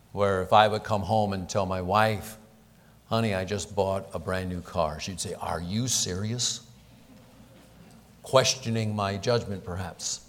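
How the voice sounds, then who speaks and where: A middle-aged man, a pastor, leading a prayer and then preaching with earnest, emphatic delivery and deliberate pauses. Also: on the low side. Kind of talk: prayer and sermon. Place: church sanctuary. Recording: long reverb of a church hall.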